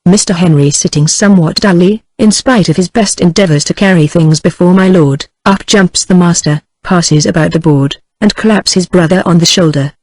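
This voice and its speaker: A woman's voice: on the low side, normal speed, few pauses, no echo, low-quality recording. Synthetic American woman narrating a novel. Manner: even synthetic cadence. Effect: text-to-speech synthesis. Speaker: audiobook narrator. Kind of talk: text-to-speech book reading.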